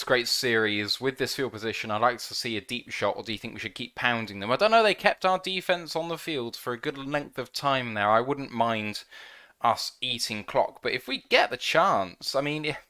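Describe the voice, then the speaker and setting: An excitable man hosting a live fan stream, calling the action play by play. His voice is smooth and resonant, sitting at an ordinary middle pitch, and he jumps to shouting when the defense makes a stop. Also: normal speed. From United Kingdom. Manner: excitable, shouts at big plays. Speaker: fan podcast host. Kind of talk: live game watch-along commentary.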